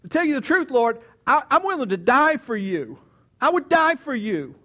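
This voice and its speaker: A man voicing an impulsive fisherman apostle who pleads and protests loudly in a raised voice. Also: big pitch swings, brisk, breathy edge, full character voice. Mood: pleading. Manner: pleading, rising to loud high protests.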